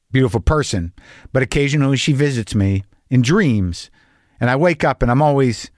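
A man's voice: medium pitch, no room sound, clean studio sound. A middle-aged man hosting a podcast, rambling and profane, with many restarts. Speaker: podcast host. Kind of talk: casual monologue and interview.

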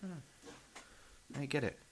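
A man's voice: mid-range voice, very slow, a little hiss or hum. A man co-hosting a podcast, chatting casually with dry, crude humour. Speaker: podcast co-host. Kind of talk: casual chat.

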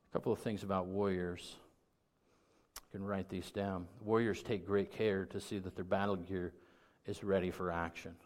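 A middle-aged man preaching a sermon as pastor, talking conversationally and building to loud, emphatic peaks. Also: low voice, flat delivery, moderate pace.

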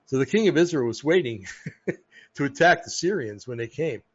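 An American man hosting a podcast, talking casually about religion in a rambling way, with many pauses and restarts. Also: medium pitch, lively intonation, breathy edge, highs cut off. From United States. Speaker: podcast host. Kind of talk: casual religious talk monologue.

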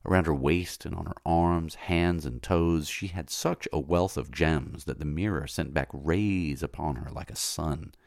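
Deep, gravelly male narrator. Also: dry recording, studio quality. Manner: slow, measured, often hushed. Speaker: audiobook narrator. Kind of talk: scripted narration of a literary novel.

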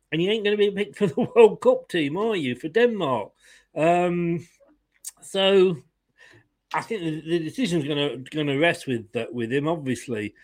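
A man hosting a casual football fan live stream, chatty and opinionated, often laughing as he greets viewers. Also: high voice.

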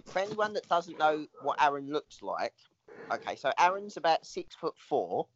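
A man's voice: fairly high pitch, big pitch swings, moderate pace, dry recording. A man in casual podcast chat who teases his co-host with dry asides. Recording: dry dull lo-fi audio.

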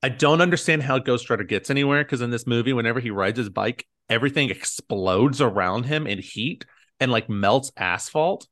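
Animated and at normal speed, a medium-pitched man with a fairly bright tone recaps a movie on a podcast he co-hosts. The American rambles casually, using "like" over and over and acting out quotes.

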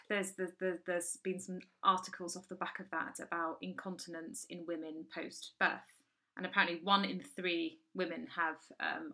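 Female co-host, bright tone, blunt and animated. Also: fairly low pitch. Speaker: podcast co-host. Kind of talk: casual chat.

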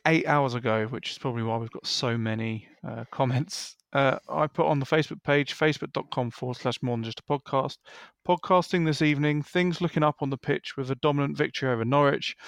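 A man's voice: medium pitch, fairly quick, gravelly, few pauses, no echo. A man hosting a podcast in casual chat, steering the show to the next segment and laughing along with his co-host.

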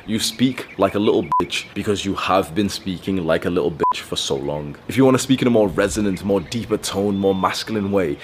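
A man's voice: low voice, slight background noise. A young man hosting a podcast, giving casual advice in a blunt, profane, slangy way. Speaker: podcast host.

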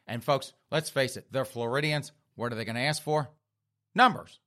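This comedic storyteller speaks a little fast in a medium-pitched voice with a fairly bright tone. He delivers his comic tale sardonically, frequently calling his audience "folks."

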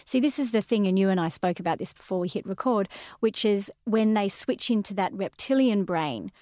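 A woman's voice: mid-range voice, lively intonation, brisk, dark tone, no echo, clean studio sound. A woman hosting a parenting podcast, reflective and affirming in casual conversation. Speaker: podcast host. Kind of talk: casual chat.

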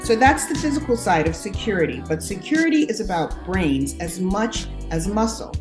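A woman hosting a podcast, delivering a scripted narration in a lively, playful way. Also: mid-range voice, moderate pace, echoey room, over music.

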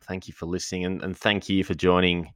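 A man's voice: sits low, level tone, brisk, fairly bright tone, clear, resonant tone, no echo, clean studio sound. A man hosting a podcast in a casual, upbeat way with eager interjections. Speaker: podcast host.

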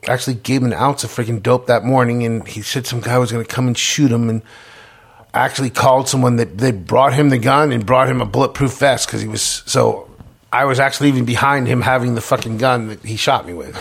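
Man, gravelly, husky, middle-aged, casual storytelling, stumbling restarts. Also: mid-range voice, steady tone, brisk. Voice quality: gravelly, husky, many repeated words and restarts. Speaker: interviewee telling his story.

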